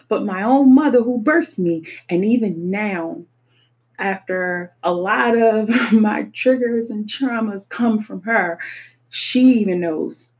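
A young adult woman speaking earnestly and emphatically about personal experience, often repeating her points. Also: mid-range voice. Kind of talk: personal reflective talk.

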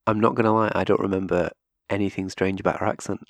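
Young male co-host with a very low, gravelly voice, earnest and steady, recorded dry. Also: fast talker, no room sound. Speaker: podcast co-host. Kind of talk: casual film review chat.

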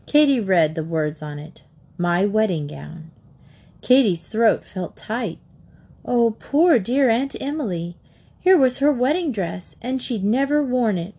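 A woman reading a children's book aloud in a gentle, expressive narration. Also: fairly low pitch. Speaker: audiobook narrator.

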